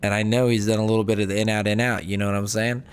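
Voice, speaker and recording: A man's voice: fairly low pitch, little pitch movement, rapid-fire, clear, resonant tone. A man co-hosting a casual film review podcast, joking and rambling with frequent restarts. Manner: joking, rambling, self-interrupting. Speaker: podcast co-host.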